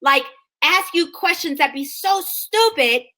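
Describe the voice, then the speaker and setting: A woman in her thirties co-hosting a podcast, telling an animated, sassy story in casual chat and acting out the people in it. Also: high-pitched, unhurried. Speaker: podcast co-host.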